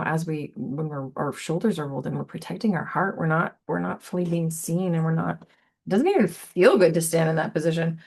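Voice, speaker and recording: A woman giving a casual, meandering tarot reading, soft and giggly, repeating words playfully. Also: low-pitched. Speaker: tarot reader.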